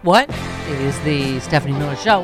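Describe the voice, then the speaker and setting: A woman hosting a political talk radio show, sarcastic and animated with quick asides. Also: low-pitched, over loud music.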